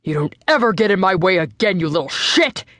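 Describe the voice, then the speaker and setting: A woman narrating an audiobook, voicing an abusive middle-aged father with a loud, deep, curt voice. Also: animated, moderate pace, no room sound. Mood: furious shouting. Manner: curt, snapping, shouts in anger.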